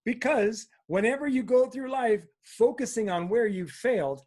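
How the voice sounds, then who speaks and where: An enthusiastic male coach speaks straight to his viewers, pushing them to grow. His voice sits high for a man, and he keeps tossing in "right?" as he builds up steam. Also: normal speed. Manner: energetic, fired up, frequent "right?". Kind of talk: motivational talk to camera.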